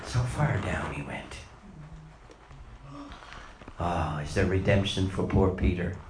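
A man's voice: deep voice, slow pace. Male preacher in an echoing room. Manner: dramatic storytelling with rising and falling intensity. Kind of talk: sermon. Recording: roomy echo, faint noise.

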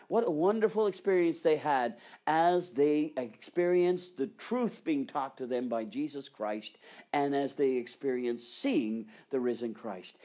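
A preacher in full sermon mode with a mid-range voice. The delivery is highly dramatic, dropping to hushed, almost whispered passages and then rising into fervent, exclaiming peaks.

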